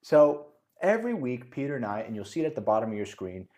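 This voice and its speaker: A man moderating a real estate podcast, joking around and explaining things in a casual, lively way. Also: medium pitch, fast talker. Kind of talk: casual chat. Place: studio.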